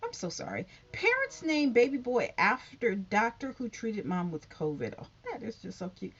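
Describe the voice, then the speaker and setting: Woman vlogger, lively sing-song delivery, chatty headline reader, muffled lo-fi recording. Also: a little high, normal speed, slightly rough. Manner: reads headlines aloud with chatty asides. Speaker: YouTube covid news host. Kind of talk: casual news read-through to viewers. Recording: dull lo-fi sound.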